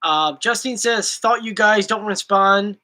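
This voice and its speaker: A man's voice: sits high, a little slow, bright, forceful tone, rough recording. A young man hosting a casual chat, rambling playfully and reading viewer questions aloud. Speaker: YouTube host.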